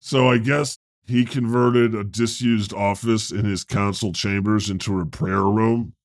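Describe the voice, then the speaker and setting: A man's voice: fairly low pitch, fairly even intonation, unhurried, no room sound, clean studio sound, natural voice. A man playing God as a chatty, irreverent deity, hosting improvised comedy podcast banter in a rambling, easily amused way. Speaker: host.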